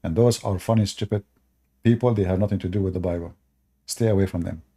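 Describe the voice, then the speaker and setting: Blunt man with a mellow, dark voice. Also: low voice, fairly even intonation, quick pace, husky. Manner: blunt, dismissive, repeats words. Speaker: host. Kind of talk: live-stream debate talk.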